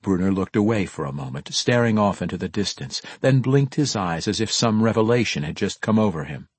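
A man narrating a fantasy audiobook in an expressive, dramatic reading style with a husky voice. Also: on the low side, fairly quick, dry recording.

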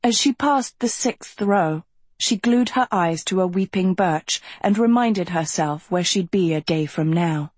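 A woman narrating an audiobook in a measured, unhurried storytelling manner with a breathy voice. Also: fairly low pitch, darkish tone, dry recording.

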